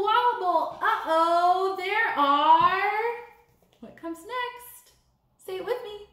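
A woman teacher reading a counting story aloud to young children in a sing-song, animated way, coaxing them to count along. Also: extremely high pitch. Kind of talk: storybook read-aloud lesson. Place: classroom or learning center room. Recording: echoey room.

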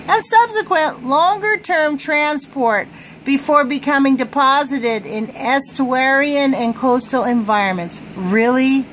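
High-pitched, indignant woman ranting. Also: fairly bright tone, a little hiss or hum, low-quality recording. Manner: indignant, swearing, stumbles over words. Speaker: vlogger reading a report aloud. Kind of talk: agitated screen-reading rant.

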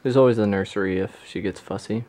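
A man's voice: lowish voice, fast talker, warm tone. A man hosting a family vlog at home, chatting easily with his wife and laughing often. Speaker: vlog host, new father. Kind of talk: casual home vlog chat.

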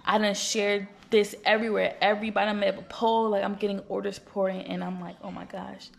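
A woman's voice: medium pitch, little pitch movement, fairly quick, gravelly, a little hiss or hum. A woman in her twenties chatting casually to camera as a small-business vlogger, repeating herself and talking straight to her viewers. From United States. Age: 20s.

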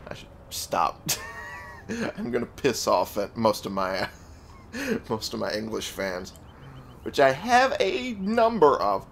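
A man's voice: a little slow, vocal fry, a little hiss or hum. A man casually commenting while playing a video game, chatty and jokey. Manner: chatty, jokey, animated pitch jumps. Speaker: gaming video host. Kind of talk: casual let's-play commentary.

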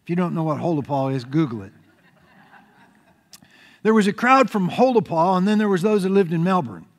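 A man preaching a sermon as pastor, telling the story in an animated way. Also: high voice, a little fast. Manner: animated storytelling preacher, acts out crowd shouts. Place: church sanctuary. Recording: reverberant church hall.

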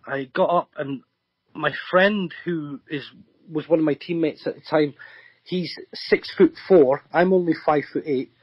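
A man's voice: on the high side, unhurried, slightly rough, no room sound, muffled recording. A man, a guest psychic medium, telling a long story in an earnest, rambling way full of ums and restarts. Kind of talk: remote radio interview storytelling.

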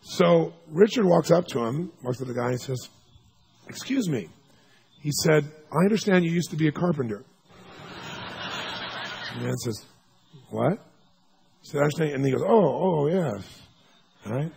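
A man leads a seminar, telling a story in an animated, lively way. His voice is rough and gravelly, deeply husky, and sits a little higher than most men's. He acts out the people in his story, sometimes breaking into loud shouts. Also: moderate pace, long pauses. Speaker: seminar speaker. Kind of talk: storytelling lecture.

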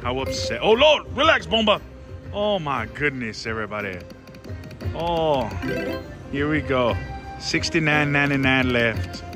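A man playing slots on a casino floor, giving excitable running commentary and calling out to his viewers and his mom. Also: on the high side, unhurried. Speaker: casino slot vlogger. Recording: casino floor with loud music. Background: slot machine music.

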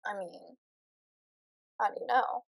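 A woman's voice: medium pitch, slow pace, creaky, breathy edge. A young woman nervously commenting as she plays a horror game, chatting to her viewers. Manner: nervous, jumpy, talks to viewers. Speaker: gamer.

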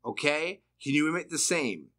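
A man's voice: a little high, animated, normal speed, pushed and bright. A man from Massachusetts hosting a casual podcast chat, blunt and profane, firing off rhetorical questions. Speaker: podcast host.

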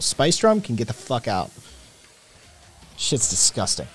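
A man hosts a relaxed late-night stream, reading chat comments and answering them with plenty of swearing. His pitch swings widely as he gets worked up, and faint music plays behind him. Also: normal speed, gravelly, long pauses. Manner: profane, animated, reacts to chat messages. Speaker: podcast host reading live chat. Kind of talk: casual livestream chat.

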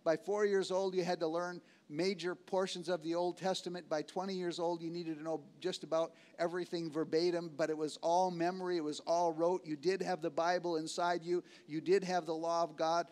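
High-pitched preaching man. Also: level tone, clean tone. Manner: emphatic preaching, repeats phrases for emphasis; slows for key words, swings between loud and hushed. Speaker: pastor. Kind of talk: sermon.

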